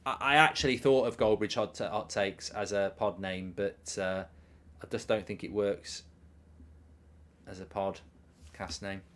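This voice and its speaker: Hosting a live football watchalong stream, a man offers casual commentary and reads chat messages aloud. His lowish voice is steady and fairly bright at a measured pace, and he rambles, pokes fun at himself and riffs on ideas.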